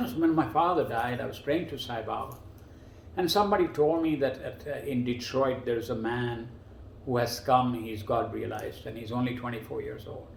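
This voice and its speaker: A man casually telling personal stories as a guest, animated and climbing much higher in pitch when he quotes other people. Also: moderate pace, vocal fry, background noise. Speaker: guest storyteller. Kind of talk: casual spoken storytelling. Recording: roomy echo.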